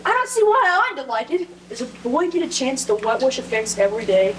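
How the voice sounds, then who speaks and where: A woman acts out a cheeky young boy who wheedles and bargains, and her high voice swoops up and down. The stage recording carries a steady noise behind her. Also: quick pace, low-quality recording. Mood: sly. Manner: sly, persuasive, playful bargaining. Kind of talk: stage play acting. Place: theatre stage.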